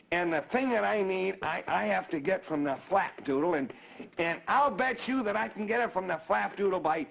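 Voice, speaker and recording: Guy doing a high-ish eager boy puppet, stammers a lot, old dull 1950s tv sound w a bit of hiss. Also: vocal fry. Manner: stammering, repeats words. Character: eager young boy puppet, friendly and earnest. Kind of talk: 1950s live children's TV.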